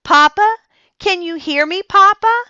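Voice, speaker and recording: A woman voicing a chatty, excited little girl who rambles breathlessly in a storybook reading. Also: high voice, slow pace, no room sound, muffled recording, voice pushed up, full character voice. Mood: eager.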